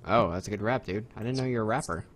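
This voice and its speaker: A young man co-hosting a podcast in casual chat, profane and mocking, jumping into loud high impressions. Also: quick pace. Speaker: podcast co-host.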